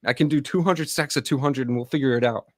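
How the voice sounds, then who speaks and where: A man's voice: mid-range voice, fast talker, darkish tone, no echo, studio quality. A man in his thirties, an army veteran hosting a live stream, rambling and profane as he chats straight to viewers. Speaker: livestream host and army veteran. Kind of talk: casual live-stream chat.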